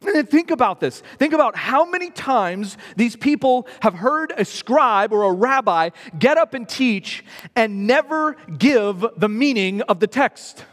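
A man's voice: very high voice, expressive, a little slow, fairly bright tone. A man preaching a sermon in an emphatic way, repeating phrases for stress. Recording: long reverb of a hall.

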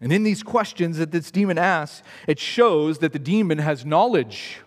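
A man's voice: on the high side, expressive, normal speed. A man preaching a sermon in an emphatic way, repeating phrases for stress. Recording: long reverb of a hall.

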